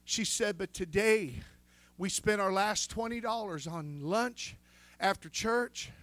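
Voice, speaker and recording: A man's voice: sits high, takes it slowly, a bit bright, no room sound. A man preaching a sermon with fervor, breaking in with calls of amen and restarting his sentences as he tells a story. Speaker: pastor.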